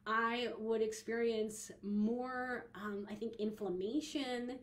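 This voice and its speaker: A woman's voice: on the high side, fairly even intonation, takes it slowly. A young woman hosting a podcast, talking casually and chattily with frequent giggles, fillers and restarts. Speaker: podcast host and coach.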